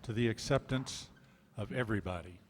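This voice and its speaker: A man leading a church congregation, softly inviting everyone to sing along. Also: lowish voice, fairly quick, long reverb tail, slight background noise. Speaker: song leader. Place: church sanctuary.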